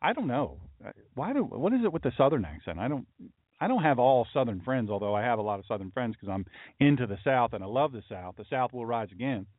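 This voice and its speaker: A middle-aged man hosts his own livestream as a pastor, talking in a loose, chatty way full of folksy asides. His voice sits at an ordinary pitch. The sound is dry and narrow, like it is coming through a phone line. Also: very animated, fast, no echo. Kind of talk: casual livestream talk with chat.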